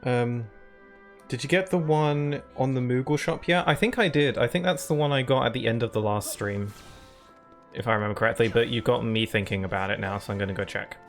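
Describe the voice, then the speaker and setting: A man's voice: medium pitch, brisk. A man giving rambling, chatty live-stream commentary while he plays, often laughing at himself. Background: faint game music.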